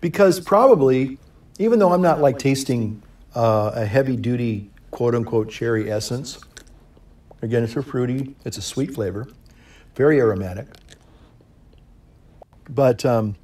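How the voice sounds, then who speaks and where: A middle-aged man, a priest, chatting casually to camera in a relaxed, rambling way, chuckling often and pausing to puff on his pipe. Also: mid-range voice, slightly rough. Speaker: priest and pipe-smoking video host.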